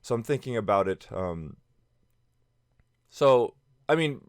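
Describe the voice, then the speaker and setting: A man's voice: medium pitch, expressive, slow pace, dry recording, studio quality. A man in his thirties telling personal stories casually to camera, rambling with many fillers and restarts. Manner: acts out friends' lines in quoted voices. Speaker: vlogger.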